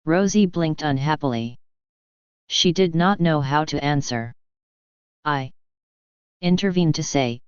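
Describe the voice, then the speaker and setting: A narrator reading a novel aloud slowly and carefully for English learners. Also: mid-range voice, clean tone, dry recording. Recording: slightly dull, dry recording.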